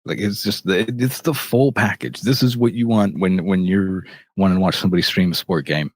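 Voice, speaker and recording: A man's voice: low voice, a little fast, no echo. A man co-hosting a casual podcast in a laid-back, wry way. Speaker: podcast co-host.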